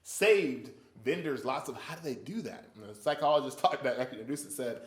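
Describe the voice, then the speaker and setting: A man's voice: medium pitch, fairly quick. A man leading an interactive bible study, telling stories and acting out little voices and sounds as he asks the group questions. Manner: animated storyteller who acts out little voices and sounds. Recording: echoey room.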